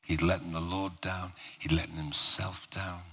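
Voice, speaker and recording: A male preacher giving a sermon, talking slowly and emphatically in a conversational way, with rhetorical questions to the congregation. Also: low-pitched, little pitch movement, sharp tone, breathy edge.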